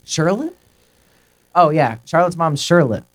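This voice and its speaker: A man's voice: a little high, sing-song, measured pace. A man co-hosting a podcast in casual chat, joking goofily and reading out his notes. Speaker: podcast co-host.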